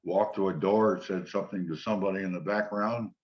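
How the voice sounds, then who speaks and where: An older man, a former football player, relaxed as he tells long anecdotes in an interview and quotes the people in them. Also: low voice, a little fast. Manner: relaxed anecdotal storytelling, quoting others. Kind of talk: storytelling interview. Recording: dull lo-fi sound.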